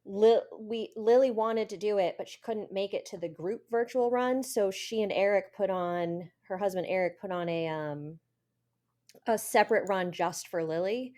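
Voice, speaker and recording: A woman's voice: medium pitch, moderate pace, dark tone. A woman runner who is a guest on a podcast, telling stories in casual chat with frequent ums. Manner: chatty storyteller with frequent ums and laughs.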